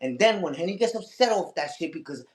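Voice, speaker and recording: A man's voice: on the high side, lively intonation, quick pace, reverberant. A man hosting a casual livestream, talking back to his critics and repeating his own catchphrases. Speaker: livestream host.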